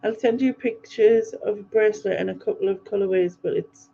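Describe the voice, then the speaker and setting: Hosting a livestream, this woman talks fairly quickly in a warm, creaky, medium-pitched voice, laughing and saying um often as she wanders through viewer comments. There's a faint hiss or hum over the dull, lo-fi stream sound.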